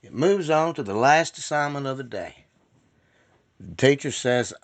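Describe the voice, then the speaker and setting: A man telling a long joke in a folksy, unhurried way, repeating words as he goes. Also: mid-range voice, expressive. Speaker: joke teller.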